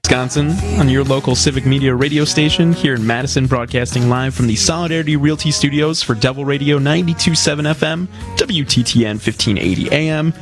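A man's voice: medium pitch, brisk, hardly any pauses, music in the background. A man hosting a local talk radio show, reading station IDs and chatting casually with his co-host. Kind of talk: casual on-air banter.

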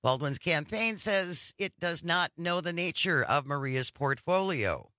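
Male talk radio co-host, animated delivery, crisp bright tone, dry studio. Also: a little high, a little slow, no room sound. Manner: lively, exclaiming agreement. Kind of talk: radio talk, reading news items and listener texts.

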